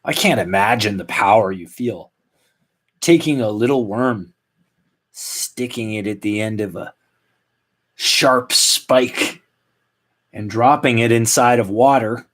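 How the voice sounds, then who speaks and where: A man in his late thirties hosting a solo comedy podcast, rambling in a deadpan, self-mocking way. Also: fairly low pitch, takes it slowly, pauses often. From Canada. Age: 30s. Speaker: podcast host. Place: at home.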